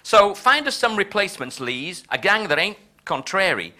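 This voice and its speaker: A gloating Texan president with a put-on drawl, as a man reads him aloud. The voice is bright and lively and bounces high and low in boastful, folksy verse. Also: moderate pace, full character voice. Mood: swaggering. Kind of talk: dramatic reading of translated verse.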